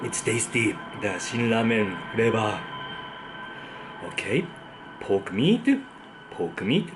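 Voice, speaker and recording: A man's voice: on the low side, lively intonation, takes it slowly, background noise. A man, hosting a food vlog and tasting his dinner with frequent appreciative hums. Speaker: food vlogger. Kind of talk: casual tasting commentary.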